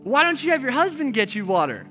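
A man's voice: very high voice, sing-song, fast talker, sharp tone, soft background music, full character voice. A man voicing a breezy, slangy male teacher. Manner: breezy, slangy, matter-of-fact. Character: casual modern-talking male religious teacher.

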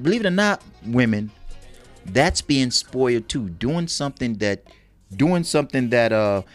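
A man chatting on a relationship podcast with a lively, swooping delivery, bouncing between boasts and acted-out lines. His pitch sits mid-range, and soft music plays faintly behind him. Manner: animated, bragging, acts out quotes. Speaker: podcast co-host. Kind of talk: casual relationship talk.

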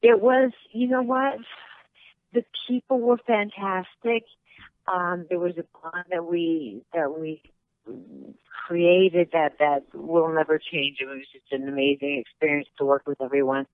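A woman guest chatting over the phone, relaxed and laughing between stories. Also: on the low side, a little slow, dry recording. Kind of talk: casual phone interview. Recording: tinny phone line.

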